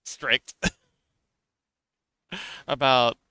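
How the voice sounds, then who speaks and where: A man's voice: medium pitch, flat delivery, drawn-out words, pushed and bright, clear, resonant tone, no room sound. A man chatting playfully on a livestream while drawing, reading viewer messages aloud and answering them, with faint music behind. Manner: reads chat aloud and chats back, playful. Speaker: streamer drawing fanart. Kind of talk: casual livestream chat.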